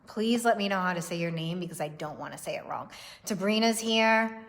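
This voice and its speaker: A woman's voice: fairly low pitch, brisk, fairly bright tone. A young woman giving a casual livestream tarot reading, chatty and profane, laughing often and greeting viewers by name. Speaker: tarot reader.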